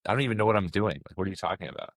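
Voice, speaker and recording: A man hosting a casual podcast interview who chimes in with quick, supportive comments. His voice is very low and he talks fast. The recording is dry and close. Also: no echo. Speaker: podcast host.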